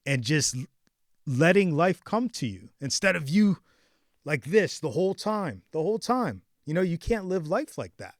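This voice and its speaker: A man in his forties tells a personal story on a podcast, voice sitting a little high for a man. He restarts and repeats words as he goes, dropping to near-murmurs and then rising loud. The sound is dry and close, with no room around it. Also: moderate pace, no echo. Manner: animated, repeats and restarts words, swings between hushed and loud. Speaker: podcast host. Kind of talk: casual storytelling chat.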